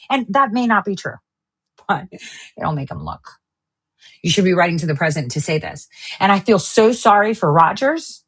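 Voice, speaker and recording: A woman hosting an online news stream, ranting angrily and with lots of profanity, swinging between sharp outbursts and low mutters. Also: slightly rough. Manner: profane, heated, jumps between shouting and muttering. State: extremely angry. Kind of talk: angry livestream rant.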